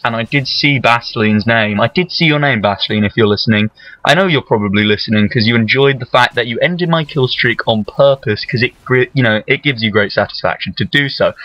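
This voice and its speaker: Fired-up gamer dude doing commentary, swearing a lot, bright and dry sounding. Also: male voice, medium pitch, dry recording, poor audio. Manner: ranting, swearing, excitable. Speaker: gaming video maker. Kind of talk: angry gameplay commentary. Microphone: headset-style gaming mic.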